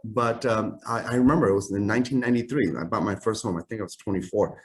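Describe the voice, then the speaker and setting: A man's voice: lowish voice, fast talker. Self-assured middle-aged man, chatty. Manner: animated, self-assured, frequent "right?" tags. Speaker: interview guest, suit maker. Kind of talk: casual interview talk.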